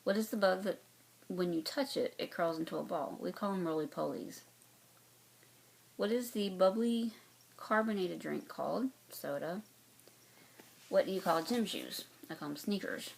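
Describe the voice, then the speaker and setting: In a relaxed chat with her viewers, a North Carolina woman who vlogs about cross-stitch wanders from point to point, restarting and using many fillers, her Southern accent light. Her lowish voice is husky and darkish with vocal fry, at normal speed with long pauses. The recording quality is rough.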